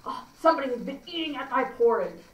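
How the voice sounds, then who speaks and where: A woman's voice: sits high, lively intonation, fast talker. A woman voicing a great huge male bear in a storybook reading, in a light, lightly raised voice. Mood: puzzled. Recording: roomy, distant mic, faint ambience.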